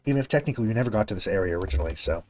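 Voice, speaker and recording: Low-voiced male game streamer, casual. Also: expressive, very fast, darkish tone. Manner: chatty, swears when things go wrong; talks to viewers while playing. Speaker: streamer playing a video game. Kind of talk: casual gameplay commentary.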